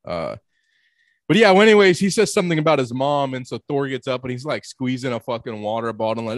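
A man's voice: medium pitch, expressive, quick pace, no echo, studio quality. A man chatting casually as a podcast co-host, rambling and swearing, with lots of filler words. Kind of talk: casual chat.

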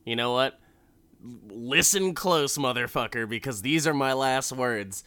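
Blunt, defiant male gambler with a bright, clear tone voiced by a man. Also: medium pitch, a little slow, no room sound.

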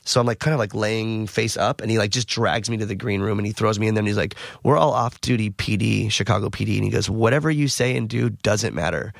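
Male podcast guest, quick rambling storyteller, dry studio sound. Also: lowish voice, gravelly, dry recording. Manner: rambling, animated, heavy use of "like". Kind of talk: casual storytelling.

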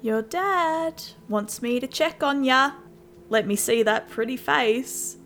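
A man's voice: extremely high pitch, slow pace, bright, forceful tone, soft background music, pitched above the performer's own voice, heavily acted. A woman voicing a creepy, leering neighbor dad who talks in a sing-song voice.

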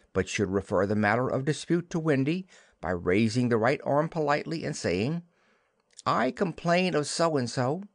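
A man narrating a classic children's novel as an audiobook, in an expressive storytelling manner. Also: medium pitch, dry recording, studio quality.

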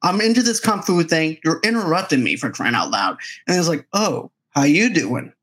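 A man's voice: on the high side, wildly swooping pitch, brisk, fairly bright tone. A chatty man hosting a casual movie review conversation. He talks in loose, run-on sentences and slips into quoted reactions to make his points. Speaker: podcast host.

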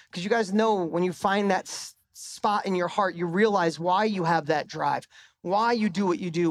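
Emphatic man telling a stage story. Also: sits high. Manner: emphatic storytelling, swearing, voice rising for punchlines. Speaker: motivational speaker. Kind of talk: live motivational stage talk. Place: live event stage.

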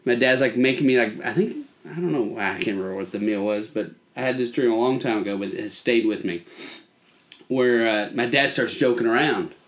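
A man telling a childhood story on a casual podcast, acting out the voices of the people in it. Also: a little fast. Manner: animated storyteller, acts out voices with big pitch jumps. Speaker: podcast co-host.

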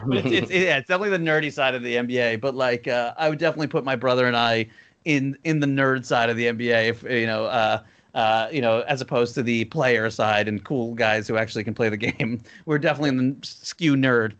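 A man's voice: medium pitch, fast, a bit bright. A man in his thirties from New Jersey, a podcast guest telling stories in a loose, rambling way full of fillers. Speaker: podcast guest, cartoon creator. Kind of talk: casual storytelling.

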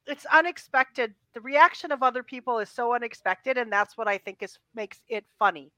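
A woman co-hosting a casual chat about a movie, animated, laughing often and acting out quotes. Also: on the high side, moderate pace, dry recording. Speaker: podcast co-host.

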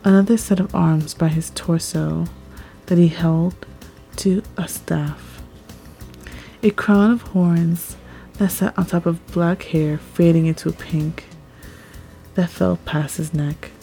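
A woman reading a first-person story aloud, expressive and rising at tense moments. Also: on the low side, takes it slowly, creaky, pauses often. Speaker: story narrator. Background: faint background music.

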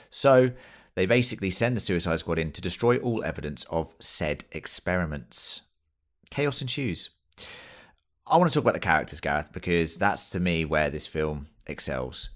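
A man with a very low voice talks through a film with a friend. He is enthusiastic and casual, swears freely and acts out bits of dialogue. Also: fairly bright tone. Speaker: podcast co-host. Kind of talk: casual film review chat.

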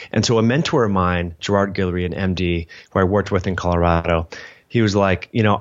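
Man, low voice, casual rambling storyteller, animated retellings, slightly muffled recording. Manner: rambling, animated, lots of "like" and acted-out quotes. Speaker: guest.

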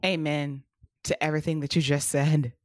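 A woman's voice: low-pitched, flat delivery, moderate pace, a little mellow, no room sound, studio quality. Blunt, emphatic woman podcast co-host. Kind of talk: casual podcast chat.

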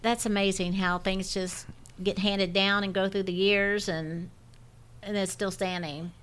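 A woman's voice: medium pitch, little pitch movement, a little slow, a bit bright, smooth. A woman with a scratchy voice, co-hosting a podcast in casual, rambling chat. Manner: rambling, self-interrupting. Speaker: podcast co-host.

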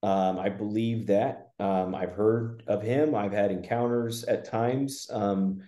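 A man's voice: fairly low pitch, fairly even intonation, takes it slowly, dark tone. A man talking as a spiritual guest in casual conversation, rambling with frequent restarts and fillers. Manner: rambling, with many restarts and "you know" fillers. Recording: roomy echo.

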